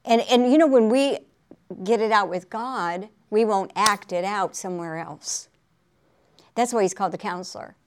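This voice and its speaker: A woman's voice: medium pitch, moderate pace, smooth. A woman preaching in a chatty, conversational way on a faith talk show, laughing often and asking for an Amen.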